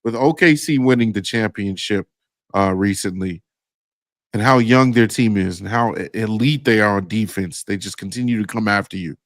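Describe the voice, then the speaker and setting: A man's voice: lowish voice, no room sound. A man co-hosting a casual sports talk show, upbeat and hopeful as he makes his case. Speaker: sports podcast co-host.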